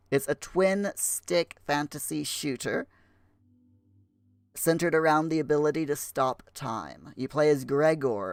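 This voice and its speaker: A man hosting a game livestream in chatty, halting speech full of fillers, putting on a rough Scottish accent. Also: mid-range voice, dry recording. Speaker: livestream host. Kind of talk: casual livestream chat.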